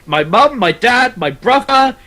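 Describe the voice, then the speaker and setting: Brief: male podcast host from England, animated, swears and laughs, video call audio. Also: very high voice, unhurried. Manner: swears freely, laughs often, lively storytelling. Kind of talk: casual chat.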